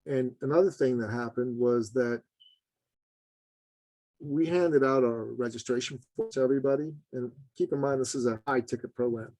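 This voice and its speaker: Animated man telling a story, dry sound. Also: moderate pace, dry recording, rough recording. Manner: animated, voice jumps high for emphasis; earnest, addresses host as brother. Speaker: podcast guest, business consultant. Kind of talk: storytelling in a podcast interview.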